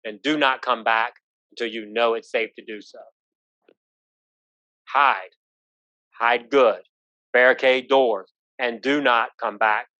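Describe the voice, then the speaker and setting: A man's voice: medium pitch, fairly even intonation, slow, pauses often, sharp tone, no room sound. A man teaching an active shooter training class, telling stories in a folksy way and checking in with the room often. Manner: folksy, storytelling, asks the room "right?". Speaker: police trainer. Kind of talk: live safety training talk. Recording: dull lo-fi sound.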